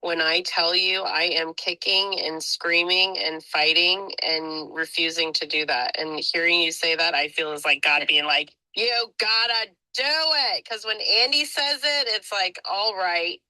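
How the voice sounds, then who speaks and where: A woman's voice: fairly low pitch, a little slow, few pauses, dry recording, low-quality recording. A woman on an online group call, gushing and chatty as she shares an update and thanks everyone. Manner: gushing, chatty and warm-hearted. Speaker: community member sharing an update.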